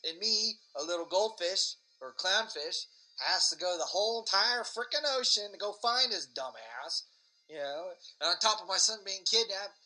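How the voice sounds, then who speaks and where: A man's voice: sits high, pushed and bright, voice pushed up, low-quality recording. A man voicing an exasperated male clownfish father, complaining whinily about his son.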